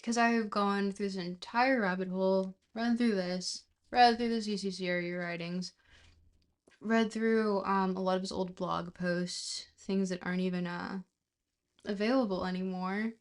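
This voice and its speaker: A woman livestreamer talks casually to her chat between stretches of reading. She rambles a little, trails off and restarts. Her pitch sits right in the middle of the usual range for a woman. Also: steady tone, normal speed. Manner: chatty, trails off and restarts, laughs at herself. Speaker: livestreamer reading a book aloud.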